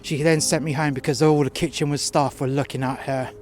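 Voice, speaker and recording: A man telling a first-person story outdoors in the cold, halting with fillers and breaking into profane outbursts. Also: on the high side, fairly even intonation, a little mellow.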